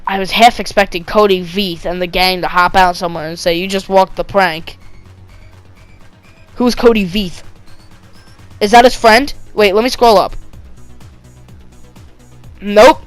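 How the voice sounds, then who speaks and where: A woman's voice: mid-range voice, moderate pace, pauses often, no room sound, faint music behind, low-quality recording. Sarcastic woman reading a spooky story. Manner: sarcastic, wry asides. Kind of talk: reading a creepy story aloud with commentary.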